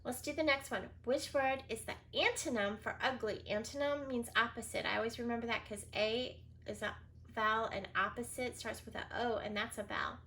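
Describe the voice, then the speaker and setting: A woman teacher with a fairly high, bright voice speaks a little fast in a steady, forceful tone. She gives a recorded reading lesson for young children, sounding out words, spelling them letter by letter, and encouraging them with frequent praise.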